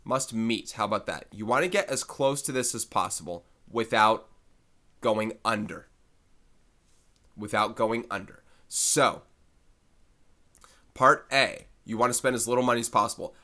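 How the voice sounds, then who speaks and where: Bright-toned man talking through a math problem. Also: lowish voice, unhurried, pauses often. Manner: thinks aloud, self-correcting, conversational. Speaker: math teacher. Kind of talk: recorded video lesson.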